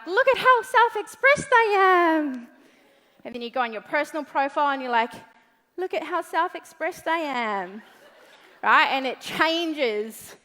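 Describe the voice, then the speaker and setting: High, bright New Zealand woman speaker. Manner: blunt, profane and playful. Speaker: motivational speaker. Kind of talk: motivational stage talk. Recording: long hall reverb.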